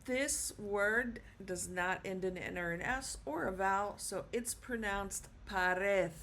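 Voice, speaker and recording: Slow, patient woman teaching. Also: medium pitch, a bit bright, a little hiss or hum. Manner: patient, repeats words slowly for learners. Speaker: Spanish teacher. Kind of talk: casual video lesson.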